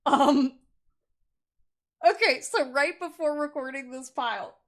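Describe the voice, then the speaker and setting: A young woman talks through a pick-a-card tarot reading in a loose, chatty way, her voice sitting a little high. She gets excitable and bursts into loud laughs. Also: slow pace. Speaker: tarot reader.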